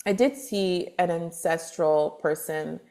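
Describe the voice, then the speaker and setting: A woman guest on a podcast, telling a personal story in a loose, animated way and acting out what others said. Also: lowish voice, slow. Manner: animated, acts out quoted dialogue with laughs; loose, filler-heavy talk with restarts. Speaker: guest, spiritual advisor. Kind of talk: casual storytelling interview.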